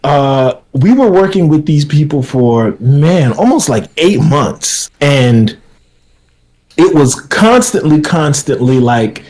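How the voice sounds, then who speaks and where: A man's voice: fairly high pitch, animated, takes it slowly, a little mellow. Male guest filmmaker, easygoing chat. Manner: thoughtful, talks through stories with many fillers. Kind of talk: casual chat.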